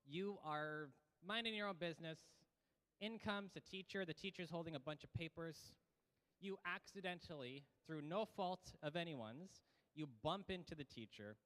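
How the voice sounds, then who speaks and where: A man's voice: fairly high pitch, moderate pace, fairly bright tone, big-room sound. A man giving a casual, joking orientation talk to new students as the college's academic integrity officer. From Canada. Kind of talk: orientation presentation.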